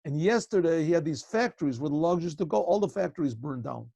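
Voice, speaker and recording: A man's voice: fairly high pitch, animated, fast talker, vocal fry, warm tone, slightly rough, no echo, exaggerated voice. A man voicing a gossiping traveler at an inn. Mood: gossipy.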